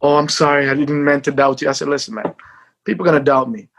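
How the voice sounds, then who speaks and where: Husky ex-sprinter guy telling a big dramatic story, kinda high voice, does all the quotes himself. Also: level tone, fast talker. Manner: dramatic, acts out quotes, shouts at peaks. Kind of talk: animated storytelling interview.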